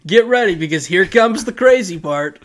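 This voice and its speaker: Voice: medium pitch, expressive, normal speed. A podcast co-host chatting casually, teasing the other host and laughing often. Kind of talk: casual chat.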